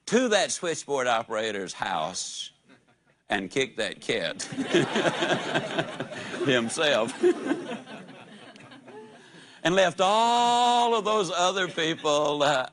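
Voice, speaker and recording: A man's voice: a little high, a bit bright. A man giving a live motivational speech, telling folksy stories and asking the audience questions. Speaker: motivational speaker.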